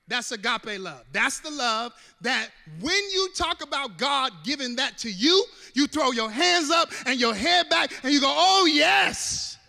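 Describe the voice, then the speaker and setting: A male pastor delivers a sermon, calling on the congregation to repeat lines after him. His voice sits high and rings bright. It moves between quiet, close talk and sudden shouts, and a long hall reverb trails behind it. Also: animated, a little slow, vocal fry, few pauses, faint music behind. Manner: call-and-response preaching, swings from hushed to shouting.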